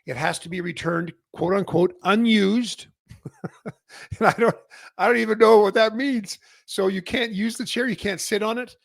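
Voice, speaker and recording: Middle-aged man from Canada, retailer host, gravelly voice, rambling delivery, dry recording. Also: high-pitched, moderate pace, long pauses, a bit bright, dry recording. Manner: rambling, many restarts and fillers. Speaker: massage chair retailer and host. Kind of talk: casual industry update talk.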